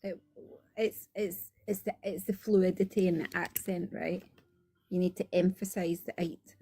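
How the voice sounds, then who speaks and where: A Scottish woman on a stream panel speaks in a fairly low voice, brash and mocking. She swears freely and talks casually. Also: steady tone, measured pace, mellow, breathy edge. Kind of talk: casual livestream banter.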